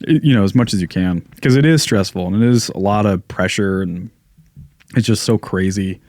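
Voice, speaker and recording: A man's voice: lowish voice, moderate pace, darkish tone, dry recording, studio quality. A young man with a stuffed-up nose, co-hosting a podcast and chatting enthusiastically. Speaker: podcast co-host. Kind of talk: casual chat. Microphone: studio podcast mic.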